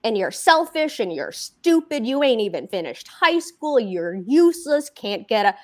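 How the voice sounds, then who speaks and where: A very high, very animated voice, described as a man's, moves at a moderate pace as a woman reads aloud. She voices a crude, abusive, beer-drinking husband who curses his wife with contempt.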